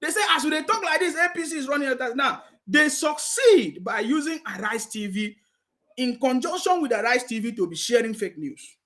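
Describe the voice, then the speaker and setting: A man's voice: very high-pitched, animated, fairly quick, a bit bright. A man with a Nigerian accent giving mocking political commentary, repeating himself and laughing with scorn.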